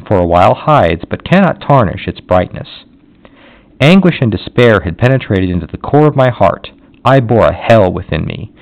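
Male audiobook narrator, solemn, measured, low voice, dull lo-fi recording. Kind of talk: scripted narration of a classic novel.

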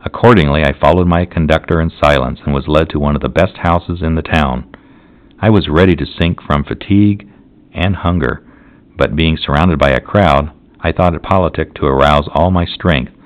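A man narrating a classic novel as an audiobook, in a measured, solemn reading. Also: rumbling low. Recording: dull lo-fi recording.

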